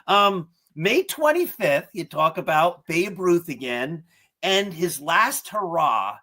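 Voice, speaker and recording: A middle-aged man hosts a casual interview show with a bright, ringing voice. His pitch sits a little high and moves all over the place. He tells his stories with animated laughter. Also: slow pace. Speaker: podcast host.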